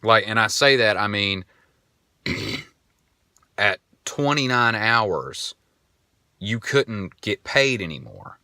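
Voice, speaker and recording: A man's voice: lowish voice, very animated, slow pace, pauses often, pushed and bright, no room sound, clean studio sound. A man in his twenties hosting a podcast, telling a rambling story in a casual monologue. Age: 20s. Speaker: podcast host.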